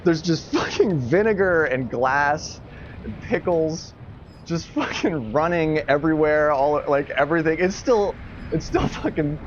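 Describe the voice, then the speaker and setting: A man's voice: on the high side, lively intonation, a little slow. Rambling, swearing man telling a story. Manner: rambling, swears a lot, laughs through the story. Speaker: streamer. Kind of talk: casual storytelling to a live chat. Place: at home. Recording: dull lo-fi stream audio with faint noise.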